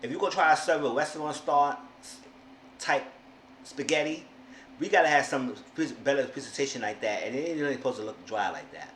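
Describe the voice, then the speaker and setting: A man rants through a casual TV recap in a sassy, exasperated way, slipping into mocking voices. His voice sits at a middle pitch. The room is echoey, with a faint hiss behind him. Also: animated, fairly quick, a bit bright. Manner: sassy, exasperated, mimics people in quotes. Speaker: TV show reviewer.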